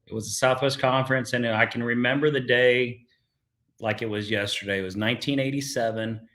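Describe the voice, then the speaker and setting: A man's voice: mid-range voice, fairly even intonation, brisk, fairly bright tone. A middle-aged man from South Texas, a golfer guest, telling stories in casual talk, full of fillers and restarts. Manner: storytelling with many fillers and restarts.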